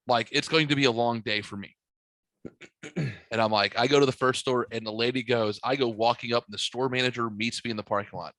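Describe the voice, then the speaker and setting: A man's voice: medium pitch, steady tone, a little fast, a bit bright, no echo. A man hosting a podcast, telling a long story in casual chat, swearing freely and acting out the dialogue. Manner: profane, rambling, acts out dialogue in his stories. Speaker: podcast host.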